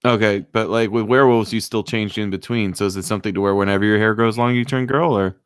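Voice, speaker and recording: A man's voice: fairly low pitch, steady tone, fast talker, clear, resonant tone, dry recording, studio quality. A man co-hosting a podcast in casual chat, joking and playful. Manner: playful, jokey, hums nonsense syllables. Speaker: podcast co-host.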